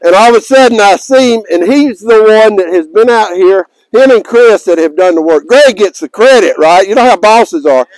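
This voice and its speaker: High-voiced man addressing a crowd. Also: expressive, normal speed, few pauses, darkish tone, dry recording, poor audio. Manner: folksy and joking, raises his voice to carry. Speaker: tournament director addressing players. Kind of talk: outdoor announcement to a crowd. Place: outdoors in a park.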